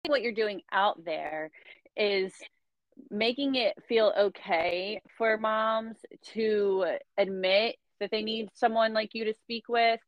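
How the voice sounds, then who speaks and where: A woman's voice: medium pitch, slow pace, dry recording. A woman hosts a casual podcast, chatty and supportive, her talk full of little fillers. The sound is dry and close, with a slightly dull, lo-fi tone. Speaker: podcast host, doula.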